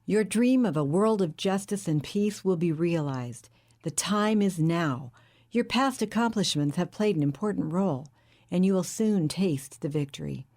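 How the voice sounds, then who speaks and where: A woman reading a huge, charismatic male psychic in an audiobook, with a deep, melodious, calm and patronizing manner. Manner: calm, measured, intimate.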